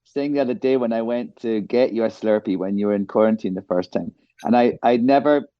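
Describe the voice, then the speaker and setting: A man's voice: fairly low pitch, brisk, dry recording, lo-fi sound. A man, an actor guest, chatting wryly in a casual interview over a remote call with headphones.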